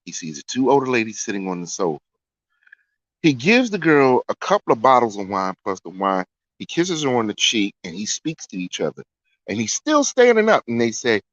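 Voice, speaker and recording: A man's voice: mid-range voice, sing-song, brisk, a bit bright, no echo. A man telling a story in a casual way, often repeating lines for effect. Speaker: storyteller host. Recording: dry, dull lo-fi sound.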